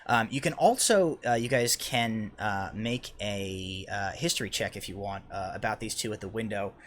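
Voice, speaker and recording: Casting: male game master, lowish voice, halting delivery full of fillers, faint hiss behind. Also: fairly bright tone. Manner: hesitant, many ums and uhs. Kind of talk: narrating a tabletop game.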